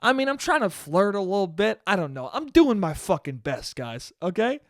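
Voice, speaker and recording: A young man hosting a solo podcast, telling a story in a profane, animated way and breaking into laughter. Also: high voice, moderate pace, dry recording, studio quality. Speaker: podcast host. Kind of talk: casual solo podcast monologue.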